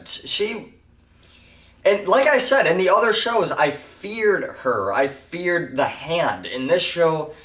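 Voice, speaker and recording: A man's voice: medium pitch, fairly bright tone. A man giving a rambling, casual spoken TV show review, full of fillers. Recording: echoey room, mic far off.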